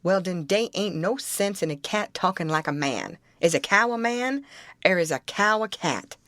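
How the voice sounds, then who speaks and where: A woman's voice: on the low side, animated, normal speed, fairly bright tone, dry recording, studio quality. A woman reading an audiobook, voicing a stubborn, argumentative grown man with an insistent folksy drawl.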